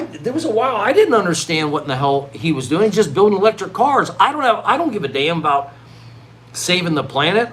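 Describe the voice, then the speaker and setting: A man's voice: sits high, slight background noise. A middle-aged man delivering a worked-up vlog rant, full of restarts and repeated words. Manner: animated, worked-up ranting with many restarts. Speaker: vlogger. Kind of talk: ranting vlog monologue.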